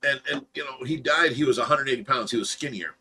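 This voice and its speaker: A man's voice: medium pitch, fast, pushed and bright, slight background noise. A middle-aged man hosting a livestream, telling stories in a casual chat and laughing through them. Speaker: livestream host.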